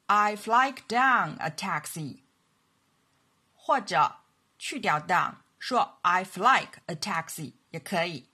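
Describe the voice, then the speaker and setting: Slow husky woman teaching English. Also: fairly low pitch, animated, bright, forceful tone. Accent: Mandarin Chinese. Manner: slow, clear model sentences repeated for learners. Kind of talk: language lesson narration.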